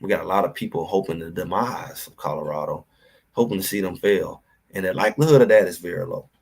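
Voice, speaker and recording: A man with a fairly low voice hosts a sports livestream, talking straight to his viewers. He rants in an animated, preachy way, pressing each point home. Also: fast, gravelly, breathy edge. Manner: animated, preachy rant, addresses chat directly. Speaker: sports talk host.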